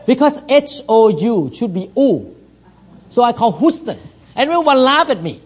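High-voiced pastor with a foreign accent. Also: male voice, sing-song, moderate pace, highs cut off. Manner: simple broken English, builds to loud emphatic preaching. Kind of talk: sermon.

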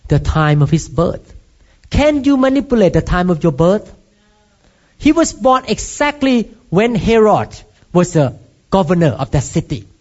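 A man's voice: high voice, darkish tone, highs cut off. A man from Thailand with a Thai accent, preaching a sermon as pastor and asking his listeners emphatic rhetorical questions.

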